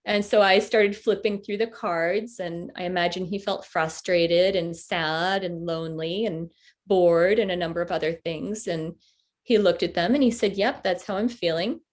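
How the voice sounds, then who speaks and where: A woman in her forties, telling a personal story with halting, heartfelt pauses and fillers as a workshop presenter on a video call. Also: lowish voice, fairly even intonation. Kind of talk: storytelling talk to an online group.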